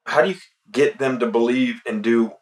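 A man who is a podcast guest, speaking in a relaxed, reflective way and often softly. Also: mid-range voice, moderate pace, distant mic. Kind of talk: casual podcast conversation.

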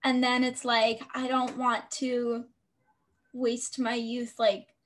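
A woman's voice: on the high side, monotone, slow pace, slight background noise. A young woman co-hosting a podcast, chatting casually with a joking, filler-heavy manner. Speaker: podcast co-host. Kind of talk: casual chat.

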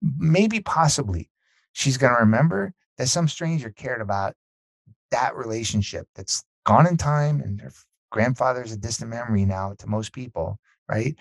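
A man's voice: mid-range voice, normal speed, no echo. Earnest man telling stories, dry close sound. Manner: earnest, animated, acts out quoted dialogue. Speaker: podcast guest. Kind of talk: conversational storytelling.

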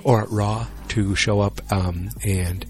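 A man's voice: lowish voice, steady tone, slow, a little mellow. A man chatting casually and rambling on his own about upcoming wrestling matches, joking and poking fun at himself. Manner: rambling, joking, self-deprecating. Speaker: solo wrestling vlogger.

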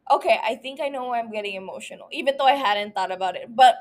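A woman's voice: fairly high pitch, quick pace. A young woman hosting a casual recap podcast, ranting emotionally and swearing freely. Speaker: podcast host.

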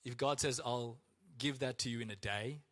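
A man preaching a sermon as pastor, acting out complaints to God in a raised, strained voice. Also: normal speed. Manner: animated, acts out complaints to God in a high strained voice.

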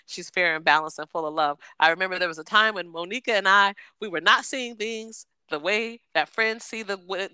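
A woman co-hosting a casual podcast chat, telling stories and giving warm shout-outs. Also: on the low side, clean tone, no room sound. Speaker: podcast co-host.

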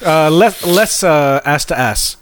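A man chatting casually about films, animated and swearing freely. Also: on the high side, a little hiss or hum. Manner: animated, swearing, does quick impressions.

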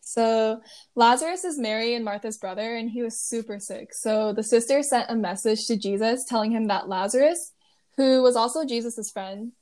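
A woman's voice: a little high, moderate pace, a little mellow. Young woman retelling a Bible story. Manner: retells scripture plainly with light laughs. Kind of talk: casual Bible study chat.

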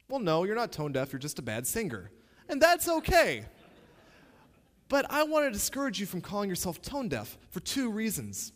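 A man's voice: high-pitched, huge pitch swings, normal speed, a bit bright, big-room sound. A man giving a spoken lesson, playful and direct, talking straight to the listener. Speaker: teacher.

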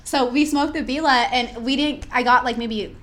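A woman's voice: high-pitched, moderate pace, a little hiss or hum. A young woman in casual chat, telling a story and acting out what people said, with lots of "like.". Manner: animated, acts out quoted voices, says "like" often.

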